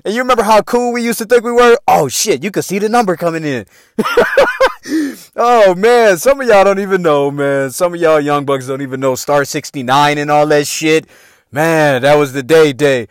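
A man in his forties hosting a podcast, telling a family story in a loud, profane, comic way and laughing often. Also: a little high, normal speed, clean tone, dry recording, clean studio sound. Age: 40s. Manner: animated, swearing, laughs often, acts out quotes. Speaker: podcast host.

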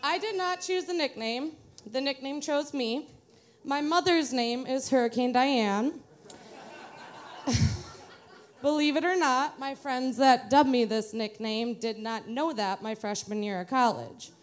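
A woman's voice: high-pitched, measured pace. A young adult woman from the Detroit area, telling a live personal story to an audience in a chatty, self-mocking way. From Metro Detroit, USA.

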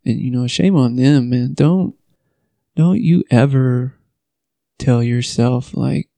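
A man speaking earnestly about personal experience in a halting, pleading way. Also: medium pitch, creaky, dark tone, dry recording.

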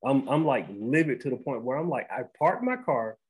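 A man, hosting a podcast and telling a story in animated casual chat, often restarting and saying "bro". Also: mid-range voice, moderate pace, slightly rough, poor audio. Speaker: podcast host.

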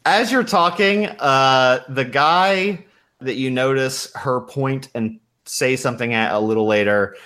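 A man narrating as game master of a tabletop game, relaxed with lots of fillers and laughs. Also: mid-range voice, unhurried, clean tone.

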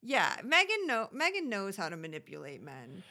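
Woman co-host, bright and crisp tone, casual sarcastic banter. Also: mid-range voice, huge pitch swings, moderate pace. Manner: chatty, sarcastic, acts out quotes in squealy voices. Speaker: podcast co-host recapping a reality show. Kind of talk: casual chat.

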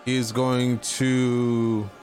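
A man takes his turn in a tabletop game, hesitantly explaining what his character will do with plenty of fillers. His pitch sits in a middle range, and faint music runs behind him. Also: flat delivery, drawn-out words, a little mellow. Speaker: player. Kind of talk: casual tabletop play.

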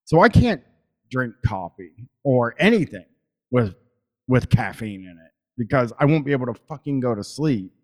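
A man's voice: medium pitch, very animated, moderate pace. Rambling, swearing podcaster man. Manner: rambling, swears freely, many fillers. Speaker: podcaster, guest. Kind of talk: casual chat.

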